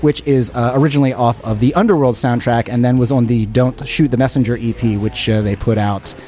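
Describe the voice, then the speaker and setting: A man's voice: mid-range voice, fairly even intonation, a little fast, warm tone. A male radio host in a studio, joking and bantering playfully with a co-host, often stumbling over his words. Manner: playful, self-mocking, stumbling restarts.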